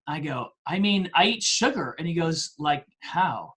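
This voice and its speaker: Man, forties, podcast guest, casual storytelling, animated, self-deprecating. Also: a little high, normal speed. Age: 40s.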